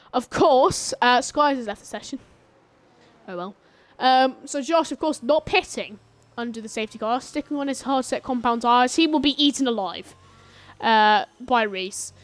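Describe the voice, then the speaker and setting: A young woman with a high-sitting voice commentates a live sim race on stream. She grumbles between calls and breaks into excited shouts when battles heat up.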